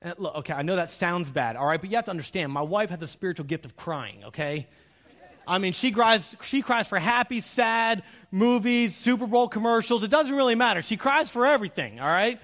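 A middle-aged man, a pastor, preaching a sermon, animated and humorous, acting out bits of dialogue and speaking straight to the congregation. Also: high-pitched, fairly quick. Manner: animated, acts out quoted dialogue; humorous, direct address to the audience.

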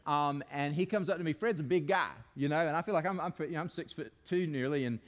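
A man's voice: a little high, fast. A man preaching a sermon as pastor, telling stories earnestly and leading the congregation in call-and-response. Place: church sanctuary. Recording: long hall reverb.

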